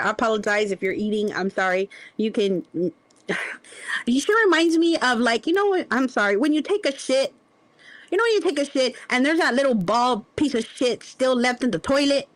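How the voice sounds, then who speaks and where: A woman's voice: a little high, lively intonation, fairly bright tone, no echo. A woman hosting a livestream, ranting in a heated, profane, confrontational way. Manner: profane, confrontational, drawn-out insults. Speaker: livestream host.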